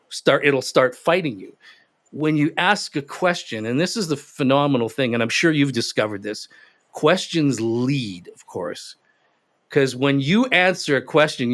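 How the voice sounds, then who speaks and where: A man in an interview, telling stories in an animated, emphatic way. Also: medium pitch. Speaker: guest expert. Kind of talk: interview conversation.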